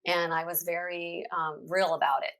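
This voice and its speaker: Middle-aged woman guest on a faith podcast, lowish voice, earnest, lots of ums. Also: level tone, moderate pace, fairly bright tone. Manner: earnest, heartfelt, many hesitations. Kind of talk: conversational faith testimony.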